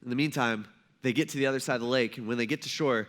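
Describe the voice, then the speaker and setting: A man's voice: medium pitch, racing, fairly bright tone. A male pastor giving a casual, storytelling sermon and acting out the people in it. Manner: casual storytelling, acts out quoted voices.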